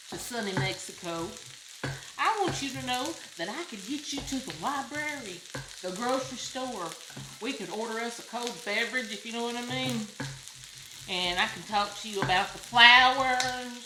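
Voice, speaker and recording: A woman with a Southern US accent hosting a casual home cooking demonstration, chatty and folksy, exclaiming over the food. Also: mid-range voice. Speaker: cooking show host. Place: home kitchen. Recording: roomy kitchen with loud frying noise. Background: sizzling pan and utensil clicks.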